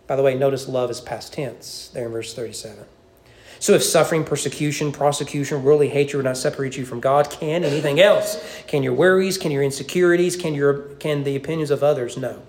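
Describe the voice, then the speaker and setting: A man preaching an evening sermon in church, emphatic, with frequent restarts and high peaks on key points. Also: fairly quick, darkish tone. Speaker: pastor. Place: church sanctuary.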